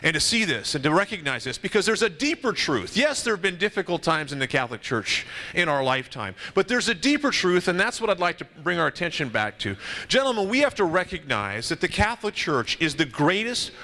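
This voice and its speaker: A high-pitched man speaks at a conference with a bright, forceful voice. He tells his story dramatically and grows louder as it builds. His pitch swings widely from phrase to phrase. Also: a little fast. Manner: dramatic, animated storytelling with rising shouts. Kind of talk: storytelling talk to a men's conference. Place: conference hall.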